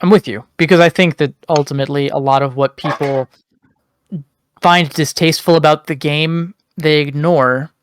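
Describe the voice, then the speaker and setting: A man co-hosting a podcast, making his points in a measured, step-by-step way in casual discussion. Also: a little high, steady tone, smooth, no echo. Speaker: podcast co-host.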